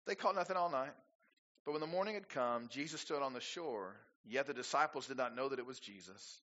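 A man's voice: medium pitch, animated, brisk, pushed and bright, highs cut off. A male pastor preaching a sermon, rising to emphatic peaks and asking the congregation rhetorical questions.

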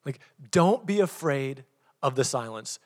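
A man's voice: mid-range voice, measured pace, long reverb tail. A middle-aged man preaching a sermon as pastor, telling stories and acting out what people said. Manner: storytelling, animated, acts out quotes.

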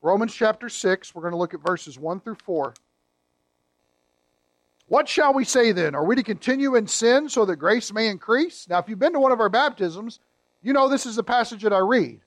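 A man preaching a sermon as pastor, teaching emphatically, reading scripture slowly with stress and turning to the congregation with conversational asides. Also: sits high, animated, no room sound.

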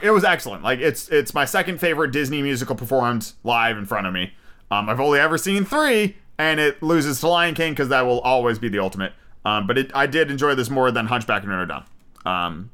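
This podcast host reviews things solo in a home-made, unedited recording, rambling and cursing casually as he offers strong opinions. His medium-pitched voice is bright, forceful and clean, with lots of ums and restarts.

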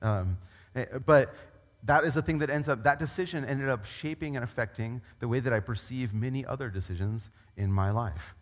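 A man preaching a sermon as a pastor, talking in a conversational, animated storytelling way. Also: medium pitch, normal speed. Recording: long reverb of a large hall.

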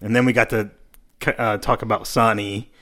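A man's voice: fairly low pitch, level tone, moderate pace, sharp tone. A man co-hosting a podcast, casually recapping scenes and acting out the characters' lines. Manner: narrates scenes, acts out lines. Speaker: podcast co-host. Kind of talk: casual chat, recapping an episode.

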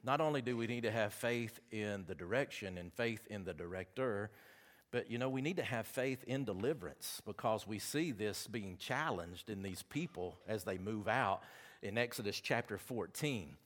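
A man's voice: fairly low pitch, lively intonation, moderate pace, fairly bright tone. A man with a Southern accent preaching a sermon, chatty and folksy, with asides between the scripture readings.

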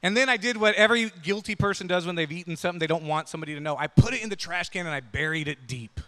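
A man's voice: high voice, racing, pushed and bright, in a large hall. A man preaching a sermon through a personal story, talking conversationally and checking in with listeners with "right?" and "yeah?". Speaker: pastor.

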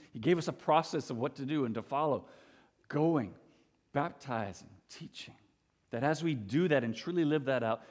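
A man's voice: mid-range voice, a little mellow. A young man preaching a sermon as pastor, earnest and emphatic, often restarting his words. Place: church sanctuary. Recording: long church hall reverb.

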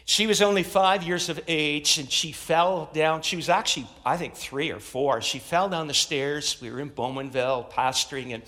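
A man's voice: fairly high pitch, normal speed, few pauses, bright, forceful tone. A middle-aged man preaching a sermon as pastor, emphatic, repeating phrases and rallying his congregation. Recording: long reverb of a large hall.

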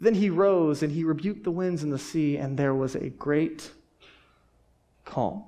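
A man's voice: fairly high pitch, fairly even intonation, a little slow, dark tone. A man preaching a sermon to a congregation in a casual, conversational way, asking rhetorical questions and often restarting his words. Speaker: pastor.

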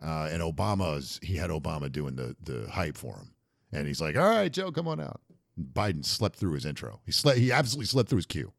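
Animated man co-hosting a talk podcast. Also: very deep voice, a little fast, creaky, dry recording, clean studio sound. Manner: animated, joking, drops into mock voices. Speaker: podcast co-host. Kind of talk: casual political talk show banter.

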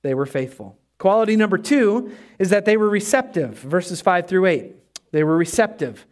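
A man preaching an energetic sermon in a church, asking the congregation for responses as he goes. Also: high-pitched, normal speed. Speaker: pastor.

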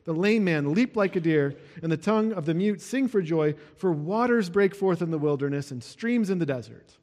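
A man's voice: fairly high pitch, expressive, moderate pace, darkish tone, big-room sound. A man who is a pastor, preaching a sermon and explaining verses with casual, conversational asides.

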